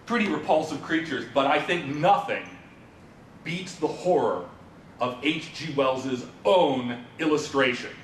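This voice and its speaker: A man giving an informal conference presentation, talking the audience through a story and asking them questions. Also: measured pace. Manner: informal lecturing with fillers, asks the audience questions. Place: presentation room at a symposium. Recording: roomy, from a distant mic, faint rumble.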